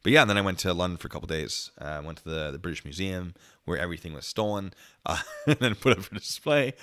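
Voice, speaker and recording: A man's voice: sits low, animated, fast, pushed and bright, clear, resonant tone. A man hosting a casual livestream, reading viewer comments aloud in a chatty, jokey way with frequent giggles. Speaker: channel host.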